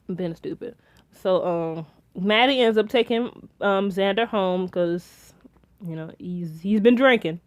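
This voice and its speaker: Young female reviewer, excitable and rambling, dry room. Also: mid-range voice, a little slow, no room sound. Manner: rambling, excitable, many restarts and fillers. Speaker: TV episode reviewer. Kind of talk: casual episode recap and theorizing.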